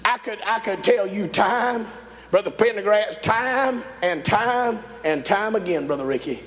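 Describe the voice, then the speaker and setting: A man's voice: high voice, unhurried, a bit bright. A man, a pastor, delivering a folksy sermon, exclaiming often and laughing between points.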